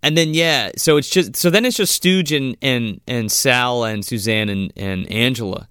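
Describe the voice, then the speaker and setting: A man's voice: medium pitch, moderate pace, fairly bright tone, smooth, no room sound, studio quality. A man in casual movie chat, talking loosely with lots of swearing and laughter. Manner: loose, profane, laughs often. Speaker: podcast co-host.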